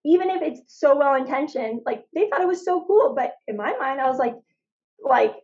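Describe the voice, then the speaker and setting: Chatty woman with a higher voice. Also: normal speed, dull audio. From Phoenix, Arizona, USA. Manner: chatty storyteller, lots of "like". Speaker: interview guest. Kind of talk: casual faith-centered conversation.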